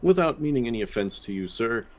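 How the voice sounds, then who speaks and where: A man playing a tabletop role-playing game, talking in a dry, deliberate way. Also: medium pitch, expressive, a little mellow. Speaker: player. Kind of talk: tabletop role-play chat.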